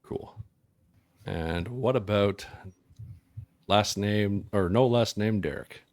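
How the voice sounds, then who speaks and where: A man's voice: on the low side, slow, darkish tone, no room sound, clean studio sound. A man running a tabletop game as game master, asking his players easygoing questions.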